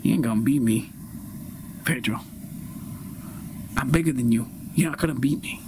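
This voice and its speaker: A man's voice: medium pitch, moderate pace, background noise, lightly acted. A man improvising a smug man who mocks and needles his friend. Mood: defiant. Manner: mocking, taunting. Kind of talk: improvised comedy.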